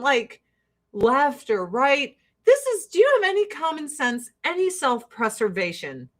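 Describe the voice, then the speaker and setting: A woman's voice: high voice, a bit bright. A woman in her forties ranting on a casual livestream, profane, heated and sarcastic.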